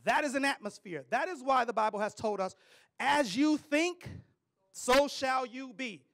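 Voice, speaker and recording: A man preaching a sermon to a live audience, using call-and-response and building up to loud declarations. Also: very high voice, unhurried, gravelly. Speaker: preacher and ministry leader.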